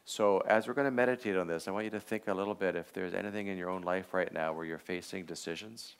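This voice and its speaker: Low smooth-voiced man guiding meditation. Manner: reflective, unhurried, with many filler pauses. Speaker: teacher leading a scripture meditation. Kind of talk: guided Bible meditation in a class.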